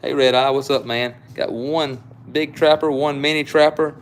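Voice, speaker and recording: A man's voice: mid-range voice, fairly even intonation, slight background noise. Folksy man hosting a live stream. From Southern United States. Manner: folksy, drawling, halting with fillers. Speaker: host.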